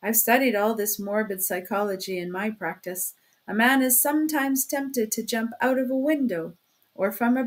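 A sly male criminal investigator, as a woman reads him in an audiobook chatters on in a chummy, teasing way, dropping hints as he probes. The voice sits fairly high and comes across a bit raised and pushing. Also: close to an everyday voice. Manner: talkative, teasing, insinuating. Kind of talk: audiobook reading.

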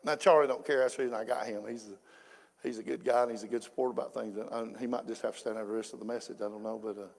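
A pastor preaching a sermon in a folksy way, moving from quiet asides to shouted fervor. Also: male voice, mid-range voice, steady tone, quick pace, gravelly. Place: church sanctuary. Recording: echoey church hall.

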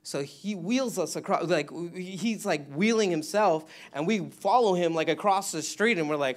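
A man's voice: sits high, normal speed, few pauses. A man giving a rambling testimony at a church service, laughing often and restarting his sentences. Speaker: mission trip member giving testimony.

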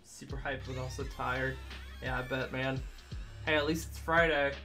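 A man's voice: mid-range voice, steady tone, normal speed, bright, forceful tone, faint music behind. A man streaming a game live, chatting casually with viewers and cooing at his dog in baby talk. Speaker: livestreamer.

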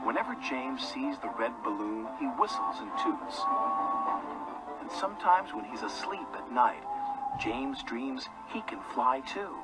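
A man telling a children's storybook tale with a very animated, swooping delivery. His pitch sits mid-range for a man. Music plays clearly behind his voice. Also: a little slow, rough recording. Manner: lively, expressive storytelling. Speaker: narrator. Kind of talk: storybook narration.

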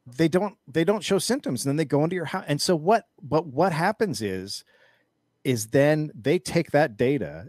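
A man's voice: a little high, moderate pace, no echo, studio quality. Man ranting animatedly in casual interview. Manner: angry profane ranting; animated storytelling with restarts. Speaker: interview guest. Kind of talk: casual chat.

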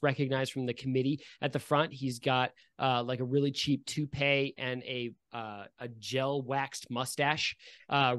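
A man narrating a tabletop game as dungeon master, loose and halting with many fillers. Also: medium pitch, dry recording.

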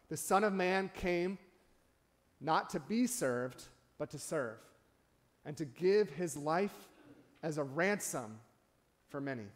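A man preaching a sermon in a church, talking conversationally and often checking in with the congregation with asides. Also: on the high side. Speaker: pastor. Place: church sanctuary.

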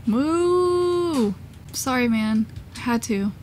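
A woman's voice: on the high side, expressive, normal speed, fairly bright tone, slight background noise. A woman playing a video game, chatting casually, giggling and thinking aloud, easily startled. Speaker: gamer. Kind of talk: casual let's-play chat.

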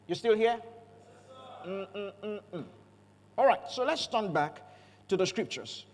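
High-voiced pastor preaching in a hall. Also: male voice, normal speed, slight background noise. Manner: animated, playful storytelling with jokes and call-outs to the congregation. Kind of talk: sermon. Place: church auditorium.

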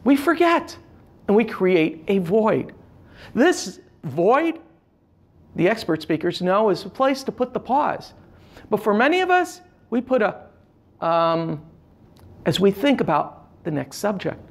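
A man's voice: sits high, takes it slowly, long pauses. A man teaching public speaking tips to camera, with an emphatic delivery and demonstrating gestures as he talks. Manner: animated, emphatic delivery with shifting inflection. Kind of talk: instructional talk to camera.

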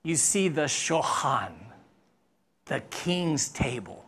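Pastor preaching in church, unhurried but lively in pitch, playful storyteller. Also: slight background noise. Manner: animated, playful storytelling with acted-out voices. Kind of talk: sermon.

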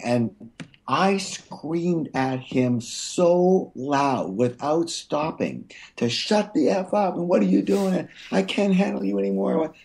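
A man guest on an interview, telling a personal story, often stumbling and restarting and jumping up in pitch when he acts out what was said. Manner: animated, acts out quotes with big pitch jumps. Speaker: guest author.

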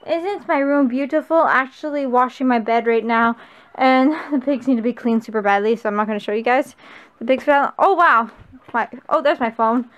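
A woman's voice: a little high, normal speed, highs cut off. A young woman vlogging on a handheld camera, chatting casually and cooing in baby talk to her pets. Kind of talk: casual handheld vlog chat.

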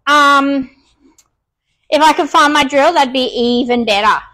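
A woman's voice: sits high, measured pace, sharp tone, rough recording. A woman with an Australian accent, out of breath, chatting casually with many ums while restoring furniture on a live stream.

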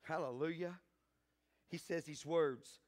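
A pastor preaching to his congregation, his voice high and bright. He presses his points with fervent emphasis and builds to loud peaks. He keeps asking the room for an amen. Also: expressive, moderate pace. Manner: calls for congregation responses. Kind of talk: sermon.

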